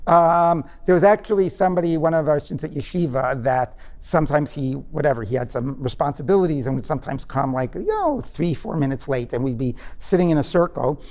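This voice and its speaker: A man's voice: a little high, animated, a little fast, hardly any pauses, a little mellow. Man lecturing in an echoey hall. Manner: questioning the class, conversational with digressions and fillers. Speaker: rabbi teaching a class. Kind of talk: interactive text-study lecture.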